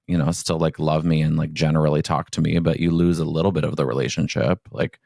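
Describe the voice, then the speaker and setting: A man with a very deep voice and a gravelly rasp hosts a podcast, rambling chattily through a casual chat. His words are packed with fillers. The sound is close and dry. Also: level tone, fast talker, darkish tone, no echo. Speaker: podcast host.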